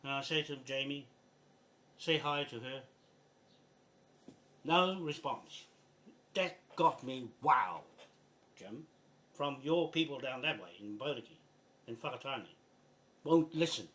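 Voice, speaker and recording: An older man with a New Zealand accent records a frustrated video message, blunt and exasperated, repeating himself and swearing freely. His voice sits at an ordinary middle pitch. Faint background noise hangs under the recording. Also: unhurried, long pauses, bright, forceful tone. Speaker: land rights activist.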